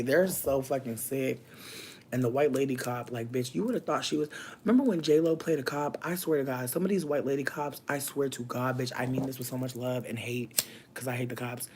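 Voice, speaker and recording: A man giving casual comedic commentary in a campy, animated way, laughing often and using heavy slang. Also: mid-range voice, a little hiss or hum.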